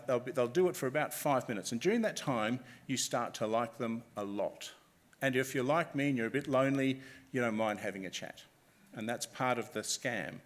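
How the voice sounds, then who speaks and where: A man presenting a live public talk, lively and chatty, asking the audience questions. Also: mid-range voice. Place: conference room with live audience.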